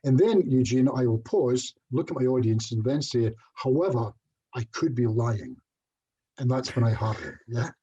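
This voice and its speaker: A man's voice: mid-range voice, moderate pace, few pauses, dark tone, husky, muffled recording. A middle-aged Scottish man giving a casual online presentation as a hypnotherapist, chatty and self-deprecating, with little jokes. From Scotland.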